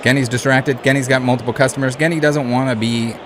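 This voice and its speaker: A man's voice: mid-range voice, fairly even intonation, fast talker, crowd noise. A man hosting a reaction commentary who speaks in a blunt, indignant way and swears often. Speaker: channel host.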